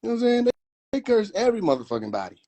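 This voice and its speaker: A man's voice: high-pitched, big pitch swings, racing, dark tone. A man riffing in a casual livestream, profane, slangy and laughing often. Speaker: livestream host.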